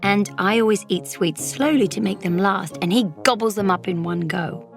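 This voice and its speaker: A woman narrating a children's storybook as a young girl, lively and dropping into whispers for suspense. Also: mid-range voice, normal speed, vocal fry, over music. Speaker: audiobook narrator.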